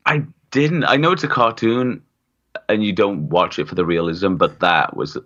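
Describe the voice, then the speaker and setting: A man's voice: sits low, normal speed, a bit bright, muffled recording. A man co-hosting a podcast, laid-back and hesitant, with many fillers. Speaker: podcast co-host. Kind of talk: casual podcast chat.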